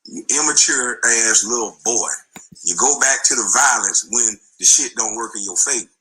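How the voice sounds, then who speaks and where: A man's voice: mid-range voice, normal speed, pushed and bright, breathy edge, low-quality recording. A middle-aged man, a former basketball player, delivering an angry, taunting rant full of insults in a played clip.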